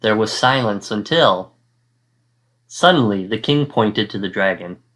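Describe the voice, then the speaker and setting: A male fourth-grade teacher reading a children's picture book aloud, with expressive storytelling and acted-out sound effects. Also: lowish voice, a little slow.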